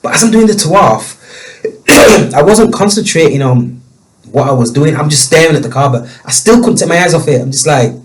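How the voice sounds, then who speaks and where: A man telling a personal story as a guest, emotional and halting, with many restarts. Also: fairly high pitch, expressive, heavy background noise.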